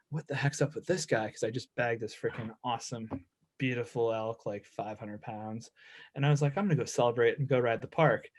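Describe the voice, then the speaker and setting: A man in his thirties, a professional snowboarder guest, telling stories in a laid-back, rambling way with lots of fillers. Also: mid-range voice. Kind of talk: casual storytelling chat.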